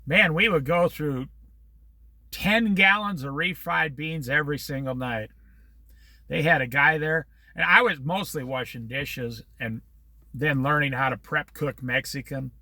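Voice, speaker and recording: A man's voice: on the high side, a little slow, sharp tone, no room sound. A middle-aged man in casual talk, rambling from story to story with religious asides. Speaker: vlogger.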